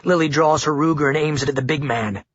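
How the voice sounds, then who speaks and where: Husky man narrating an audiobook. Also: a little high, dry recording. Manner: measured, dramatic reading. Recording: dull lo-fi dry recording.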